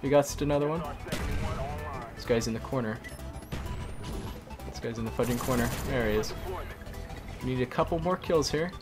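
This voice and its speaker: A worn-out man talks to himself while playing a game, offering loose, rambling commentary and substituting mild words for curses. His mid-range voice moves at a normal speed with frequent pauses, and the game's sounds and music play beneath him.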